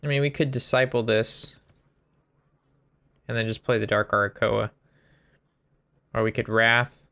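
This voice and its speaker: A man's voice: medium pitch, steady tone, a little slow, creaky, long pauses, bright, forceful tone. A man giving casual gameplay commentary, thinking through his moves aloud and sometimes breaking into a sweary rant. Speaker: game streamer.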